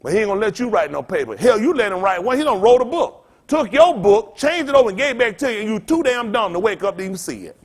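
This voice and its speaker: A man's voice: high voice, expressive, fast, few pauses. A man preaching to his congregation in a blunt, profane, rambling style, trading call-and-response with the room. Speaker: pastor.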